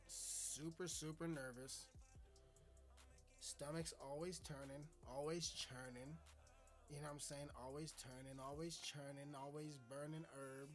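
A man's voice: a little high, level tone, unhurried, faint music behind. A man hosting his own podcast, rambling and joking with lots of swearing. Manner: rambling, profane, jokey. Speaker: podcast host. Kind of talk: casual solo podcast chat.

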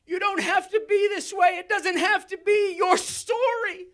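Very high-pitched woman preaching with slow intensity. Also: fairly even intonation. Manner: swings between tearful shouting and hushed whispers. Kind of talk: emotional altar-call sermon. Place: church sanctuary.

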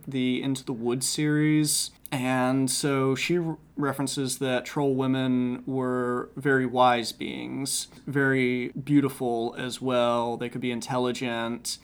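Guy on a podcast rambling through a folk tale, mid pitch, lots of ums. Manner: rambling, many ums and restarts. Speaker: podcast co-host. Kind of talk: casual storytelling chat.

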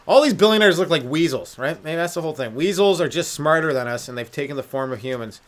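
This stand-up and podcast host from Canada talks fast in a fairly high, expressive voice. High on weed, he rambles through a solo comedy rant, riffing and sliding into silly voices and sung bits.

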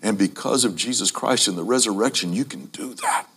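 A man preaching a sermon to a congregation, emphatic, repeating key phrases and speaking to the audience as ladies and gentlemen. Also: lowish voice, fairly quick, slightly rough.

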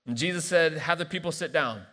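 Joking pastor preaching in a reverberant church hall. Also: male voice, a little high, brisk, fairly bright tone. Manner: playful, joking asides between scripture reading. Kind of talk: sermon.

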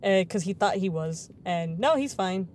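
A woman's voice: medium pitch, expressive, moderate pace, a little mellow. A young woman co-hosting a podcast in casual chat, laughing easily and restarting her sentences. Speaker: podcast co-host.

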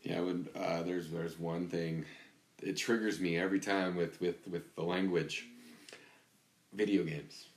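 A man's voice: deep voice, steady tone, unhurried. A man chatting casually as a podcast co-host, rambling with restarts as he tells jokey family stories. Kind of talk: casual chat. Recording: echoey room.

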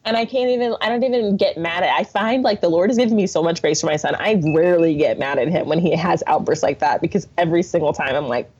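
A young adult woman, a podcast guest, telling stories in an animated way and often laughing through casual conversation. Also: fairly low pitch, quick pace, hardly any pauses, husky. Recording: dull lo-fi sound.

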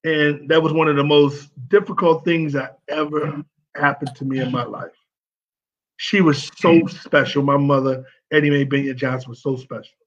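A man from St. Louis giving an emotional, halting tribute that is full of repeated words. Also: a little high, fairly even intonation, highs cut off. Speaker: former pro football player speaking at an event. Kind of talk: heartfelt tribute speech.

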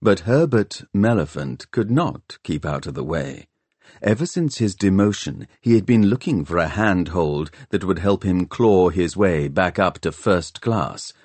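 A male audiobook narrator with a lower voice, telling the story expressively with a lively rise and fall. The recording is dry and close. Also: measured pace, no room sound. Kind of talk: scripted narration.

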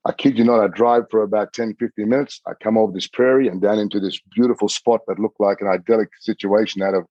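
Husky man telling a story. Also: fairly low pitch, fairly even intonation, fast talker, few pauses, warm tone, dry recording. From Australia. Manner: vivid, repeats words, swears casually. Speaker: podcast guest. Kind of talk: animated personal storytelling. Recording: slightly muffled dry recording.

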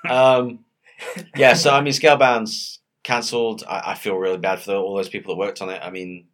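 A man's voice: lowish voice, flat delivery, brisk, a bit bright. A man co-hosting a casual gaming chat, giving brief thoughtful replies. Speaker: podcast co-host.

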